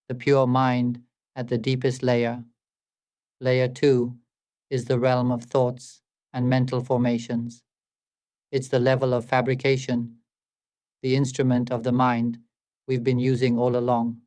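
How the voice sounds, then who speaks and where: A man giving a meditative spiritual talk as a teacher, calm and measured, asking many rhetorical questions. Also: medium pitch.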